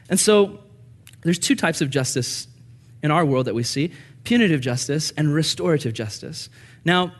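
A young man preaching a sermon, earnest and animated as he tells stories. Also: fairly high pitch. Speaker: pastor.

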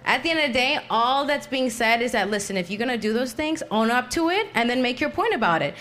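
A woman's voice: fairly high pitch, animated, quick pace, a bit bright. A woman on a podcast panel, insistently pressing a guest to own up. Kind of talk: heated panel debate.

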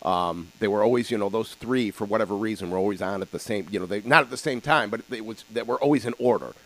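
A man's voice: fairly low pitch, quick pace. A man hosting a podcast, telling a story casually with lots of fillers. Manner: rambling, animated storyteller with filler words. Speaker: podcast host.

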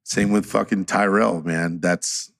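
A man with a fairly low voice tells long stories in a loose podcast conversation. He swears constantly and jumps into voices to quote his friends, keeping the tale rolling. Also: a little slow, gravelly. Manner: profane, animated storyteller acting out quotes. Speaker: tattoo artist telling stories on a podcast. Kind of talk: casual podcast storytelling.

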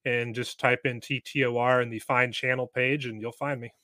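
A man's voice: medium pitch, flat delivery, normal speed, bright, forceful tone, dry recording. A man speaking as a podcast guest in an emphatic, lecturing way. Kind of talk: casual interview chat.

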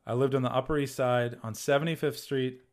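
A man in his thirties with a Massachusetts accent, a podcast guest on a video call who tells loose, animated stories and swears freely. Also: medium pitch, a little fast. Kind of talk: casual podcast chat.

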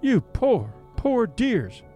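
A man's voice: high voice, animated, fairly quick, a little mellow, highs cut off, faint music behind. A man voicing a fussy, pampered young woman who pleads in dramatic exclamations. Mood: pitying.

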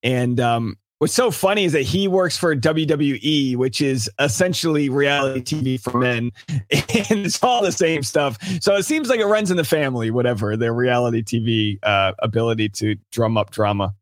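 A man's voice: mid-range voice, lively intonation, normal speed, no echo. A man guesting on a casual recap chat, rambling with restarts and frequent laughs.

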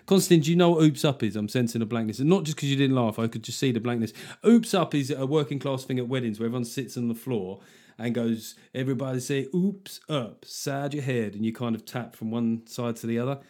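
A man hosts a comedic podcast, with a mid-range voice. He talks in an animated, joking way and swears freely. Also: medium pitch, quick pace. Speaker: podcast host.

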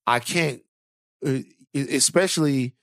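A male podcast host telling stories in a relaxed, animated way, repeating himself as he goes. His voice sits in an ordinary middle register. The recording is close and dry, with no room sound. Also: medium pitch, a little slow, no room sound. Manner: animated, repeats words, voice drops for a serious story. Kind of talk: casual chat and storytelling.

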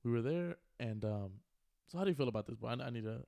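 Young male podcast co-host, twenties, low and gravelly, dark tone, easygoing slangy storyteller. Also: expressive, fast, no echo, studio quality. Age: 20s. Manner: laid-back storytelling with slang and fillers. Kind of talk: casual chat.

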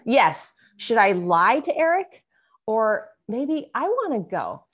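A woman's voice: a little high, big pitch swings, slow. Woman telling a vivid personal story. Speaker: guest author. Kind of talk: memoir reading and interview chat.

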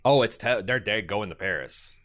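A young man with a fairly low voice co-hosts a casual podcast, rambling from one thought to the next. He jokes around, sometimes swearing, in an easygoing chat. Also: expressive, normal speed, a bit bright. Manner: rambling, joking, drifts into goofy put-on voices. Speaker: podcast co-host.

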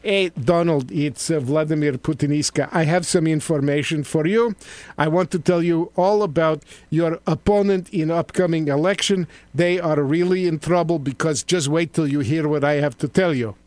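A man doing a comic impression of an older Russian strongman on the phone, with halting broken-English phrasing and a put-on accent. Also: a little high, a little mellow, no room sound, close to an everyday voice. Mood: sly.

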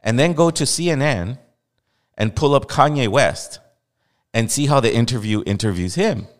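A man's voice: mid-range voice, lively intonation, moderate pace, big-room sound. A man from Los Angeles hosting a podcast, giving blunt, heated commentary with repeated emphasis. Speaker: podcast host. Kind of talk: casual opinionated commentary.

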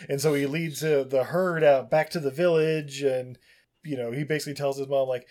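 A man recapping a movie casually as a podcast co-host, rambling and halting with many fillers. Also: on the high side, steady tone, darkish tone.

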